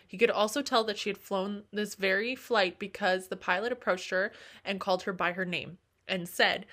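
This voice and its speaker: A bright-voiced woman reads short joke stories aloud in a relaxed, chatty way, giggling as she reaches the punchlines. Her tone is crisp and forward, at a middling pitch, and the delivery stays casual rather than performed. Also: normal speed. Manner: giggly, laughs through punchlines. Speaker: co-host reading funny stories. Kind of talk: casual chat, reading jokes aloud.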